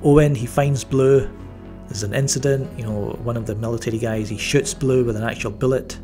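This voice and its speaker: Male film reviewer, mid-range voice, casual and rambling, dry sarcastic asides, soft music bed. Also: mid-range voice, fairly even intonation, a little fast. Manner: rambling, with frequent fillers and restarts; wry, mildly sarcastic. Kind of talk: casual spoken movie review.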